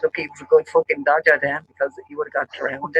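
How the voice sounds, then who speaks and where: Bright husky man telling a story. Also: fairly high pitch, fast, no room sound, dull audio. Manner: profane, rambling, animated storyteller. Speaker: show host. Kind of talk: casual storytelling chat.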